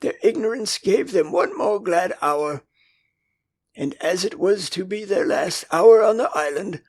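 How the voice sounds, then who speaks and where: An older man with an English accent narrating a classic children's novel as an audiobook, with an expressive storytelling manner. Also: high voice, husky.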